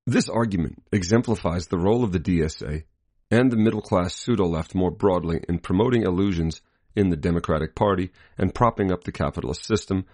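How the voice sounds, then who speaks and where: A man with a very low voice reads a scripted political commentary at a measured, deliberate pace. He marks each quotation aloud as he goes. The sound is dry and close, with no room around it. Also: a little mellow, dry recording.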